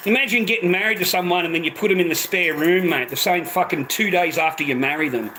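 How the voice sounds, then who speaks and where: A man's voice: high voice, fast, bright, forceful tone, a little hiss or hum, rough recording. A middle-aged man ranting angrily on a live stream, swearing and saying "mate" at the end of nearly every line. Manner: swearing, repeats "mate" constantly. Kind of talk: angry live-stream rant.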